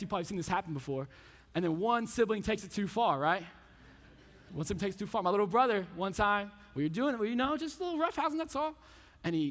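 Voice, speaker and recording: A man preaching a youth sermon, telling stories with lots of casual asides. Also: high-pitched. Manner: casual, animated storytelling with frequent asides. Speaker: youth pastor. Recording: reverberant hall.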